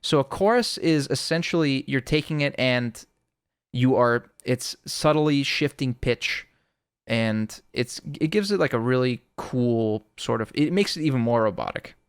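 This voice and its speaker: Guy walking through a sound design tutorial, smooth voice, super dry close mic, laid-back. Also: mid-range voice, animated, unhurried, no room sound. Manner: laid-back explaining with frequent "sort of". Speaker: music producer explaining sound design. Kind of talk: casual audio tutorial. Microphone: close studio microphone.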